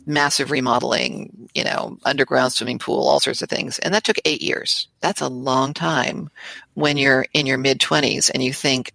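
Woman, interior designer, interview guest, gravelly voice, dry close sound, animated. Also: extremely low pitch, moderate pace, dry recording. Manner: animated, laughs often, trails into soft asides. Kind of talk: conversational interview.

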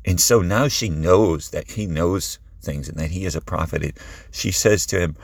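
A man preaching, retelling scripture in a conversational storytelling manner. His voice is low and husky. The sound is dry and close, with little room in it. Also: moderate pace, dry recording. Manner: conversational, vivid storytelling with restarts. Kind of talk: sermon retelling a Bible story.

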